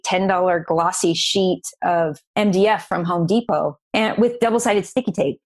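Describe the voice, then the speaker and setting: A woman guest on a podcast interview, telling a personal business story in an earnest, emotional, animated way. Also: mid-range voice.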